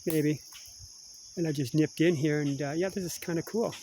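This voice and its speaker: Walking a wooded patch with a handheld camera, a middle-aged Canadian vlogger from Kingston, Ontario, chats in a rambling, casual way, laughing a lot and dropping "eh." His voice sits on the high side, warm and moderately paced, in a rough recording with slight background noise.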